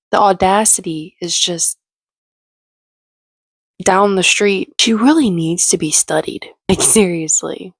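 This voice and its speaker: A woman's voice: on the low side, no echo. A woman giving casual, sarcastic, opinionated commentary as she recaps a reality show.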